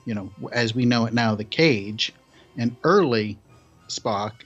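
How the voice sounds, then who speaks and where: A man co-hosting a podcast, talking in a relaxed, unhurried casual way. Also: medium pitch, dull audio, faint music behind. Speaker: podcast co-host. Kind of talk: casual chat.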